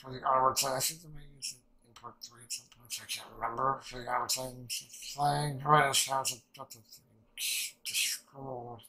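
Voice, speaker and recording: A man hosting an anime reaction, recapping an episode in a rambling, excitable way and swearing often. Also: mid-range voice, moderate pace, poor audio.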